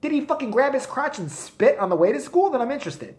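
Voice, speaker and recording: Profane American man in his forties, lively swinging delivery, echoey room, casual live-stream host. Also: extremely high pitch, fast talker. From United States. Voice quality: profane, animated, often laughing. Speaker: livestream host.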